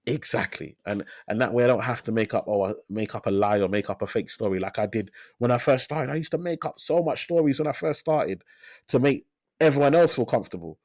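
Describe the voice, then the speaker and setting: A financial advisor in his thirties appears as a guest on an interview podcast, telling his story energetically in casual talk and driving points home by repeating phrases. His middle-pitched, slightly mellow voice is expressive and a little fast, recorded close and dry.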